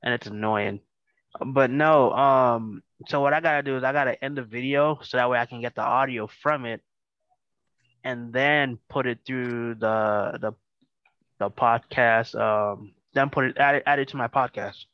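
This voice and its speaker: A man hosting a casual podcast over a video call, talking in a relaxed, stuttery way with lots of fillers. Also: mid-range voice, unhurried, clear, resonant tone, no echo, muffled recording. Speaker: podcast host. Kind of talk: casual chat.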